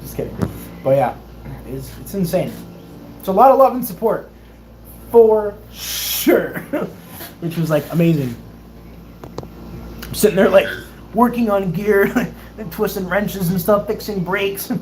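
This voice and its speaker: A young man in his twenties, a Navy sailor and YouTuber, casually telling stories in a livestream Q&A and acting out other people's excited voices. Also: high voice, unhurried, long pauses, slight background noise. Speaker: YouTuber and Navy sailor answering viewer questions.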